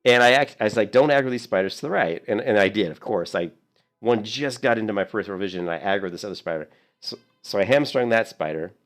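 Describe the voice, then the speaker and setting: A man in his thirties, a streamer telling a rambling, animated story in casual gameplay commentary. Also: fairly low pitch, fast talker.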